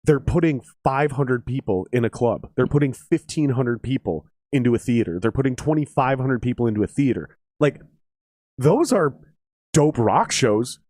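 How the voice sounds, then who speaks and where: A man hosting a casual podcast chat, telling stories in a profane, energetic way. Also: medium pitch, moderate pace, dry recording. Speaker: podcast host.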